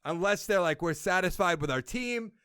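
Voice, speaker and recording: Lively young man musing about football. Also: high-pitched, normal speed, clean tone, no echo, studio quality. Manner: rambling, thinks aloud, self-correcting. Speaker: podcast host. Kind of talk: casual solo sports podcast.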